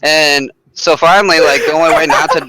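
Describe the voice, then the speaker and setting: A young man recounts a vulgar tale over game voice chat, boastful and laughing at his own punchlines. His voice is bright and forward, sitting a little high for a man. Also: steady tone, a little fast, slight background noise, rough recording.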